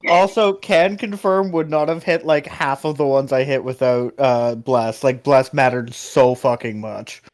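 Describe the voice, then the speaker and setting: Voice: mid-range voice, unhurried, few pauses. A player in a tabletop role-play stream who talks casually, laughs often and swears.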